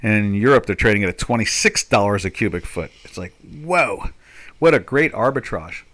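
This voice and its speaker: Rambling older American trading host. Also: male voice, on the low side, expressive, moderate pace, a bit bright. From United States. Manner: rambling, full of "you know" fillers and restarts. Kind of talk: live market commentary chat.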